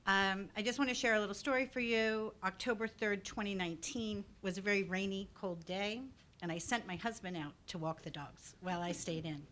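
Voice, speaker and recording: A woman's voice: mid-range voice, brisk, fairly bright tone, slight background noise. A woman, vice chair of a neighborhood group, giving an earnest and shaken public comment at a town meeting. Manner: earnest, shaken personal testimony.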